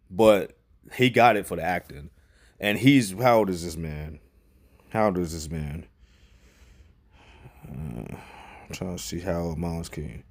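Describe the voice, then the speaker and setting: Laid-back New guy reviewing films. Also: low-pitched. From New York. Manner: loose and profane, repeats himself, laughs often. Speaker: movie reviewer. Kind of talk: casual spoken film review.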